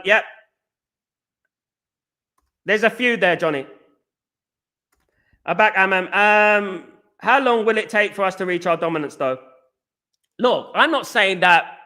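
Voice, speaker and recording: A man's voice: high-pitched, pushed and bright. A young English man hosting a fan livestream, arguing heatedly with chat commenters and calling them mate. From England. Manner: heated, argues with chatters, calls them mate. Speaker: fan channel host reading live chat. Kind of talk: livestream fan talk show.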